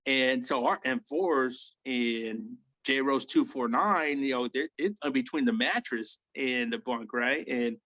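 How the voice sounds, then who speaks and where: A man's voice: medium pitch, takes it slowly, hardly any pauses, a bit bright, no room sound, rough recording. Rambling, blunt army veteran man. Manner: rambling, tag questions like "right?" and "you know?"; blunt, swears freely. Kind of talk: casual war storytelling.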